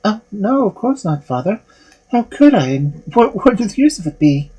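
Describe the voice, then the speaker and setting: A man doing a high, nervous young maiden. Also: sing-song, normal speed, mellow, husky, heavily acted, poor audio. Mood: coaxing. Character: frightened, clever young maiden.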